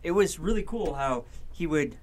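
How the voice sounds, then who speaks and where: A man conducts a relaxed interview. He keeps the talk moving with frequent short agreements, then shares his own memories in an easy, conversational way. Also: a little high, normal speed. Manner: affirming, chimes in often with short agreements. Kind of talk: casual interview chat.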